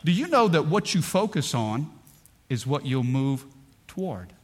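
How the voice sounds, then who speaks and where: A middle-aged man preaches to his congregation in a slightly high voice. He tells stories with energy, rising to loud bursts and dropping to near-hushed lines. He calls out to the people in the pews as he goes. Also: unhurried, breathy edge. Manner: animated storytelling, swinging between loud bursts and hushed lines. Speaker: pastor. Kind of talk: sermon. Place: church.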